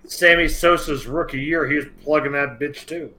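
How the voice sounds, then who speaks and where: A man's voice: a little high, fairly even intonation, a little fast, sharp tone. A man co-hosting a podcast in crude casual chat, chiming in with jokes and punchlines. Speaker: podcast co-host.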